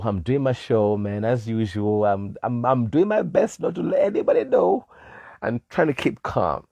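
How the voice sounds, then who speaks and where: A man DJ from Malawi telling a personal story in casual chat, animated, laughing often and acting out the people he quotes. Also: medium pitch, no echo. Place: live stream.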